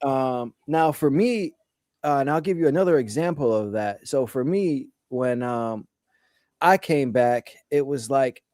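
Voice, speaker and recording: Male host, earnest advice-giver, mid pitch, dry recording. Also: animated, a little slow, a little mellow, no echo. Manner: earnest, advising, repeats his points. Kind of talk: casual spiritual discussion.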